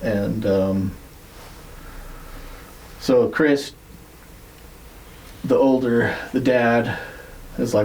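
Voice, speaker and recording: A man on a podcast telling a story in a casual, rambling way, swearing freely and filling pauses with "like" and "uh". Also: medium pitch, darkish tone, poor audio. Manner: rambling, profane, many fillers. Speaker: podcast co-host.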